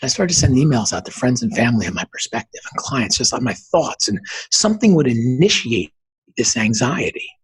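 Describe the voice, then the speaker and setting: Husky-voiced man telling his story. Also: medium pitch, big pitch swings, brisk, rough recording. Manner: earnest, emphatic storytelling. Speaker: podcast guest. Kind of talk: personal storytelling.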